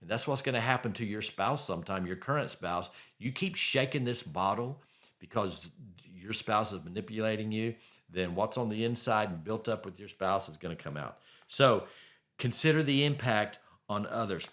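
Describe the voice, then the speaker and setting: A middle-aged man with a lowish voice talks straight to his podcast listeners about their personal lives. He is blunt and emphatic and drives each point home by repeating it. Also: animated, moderate pace, a bit bright. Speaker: podcast host. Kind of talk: faith-based advice podcast monologue.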